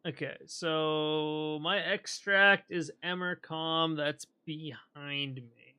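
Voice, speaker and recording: A man streaming a game, rambling in casual commentary as he thinks aloud and often clears his throat. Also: a little high, fairly even intonation, slow pace, bright, forceful tone.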